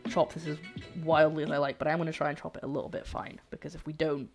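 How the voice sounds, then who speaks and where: A woman's voice: sits low, flat delivery, fast, faint music behind. Chatty woman cooking on stream. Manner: chatty, greets viewers warmly, jokey asides. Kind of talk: casual livestream chat while cooking. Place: home kitchen.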